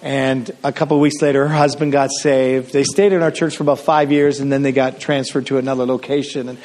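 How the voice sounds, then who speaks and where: A man's voice: medium pitch, little pitch movement, fairly quick, darkish tone. A middle-aged man from Canada preaching a sermon as a pastor, telling stories casually with frequent restarts and fillers.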